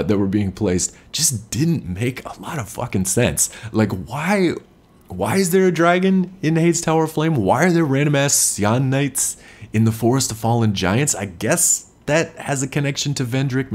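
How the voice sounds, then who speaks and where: A man with a very low voice, talking in a loose, stream-of-consciousness way. He sounds sleepy and a touch stuffy, as if it is early morning. He keeps restarting sentences and drops casual swears as he goes. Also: a little mellow. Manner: rambling, self-interrupting, casually profane. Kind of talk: freeform rambling chat.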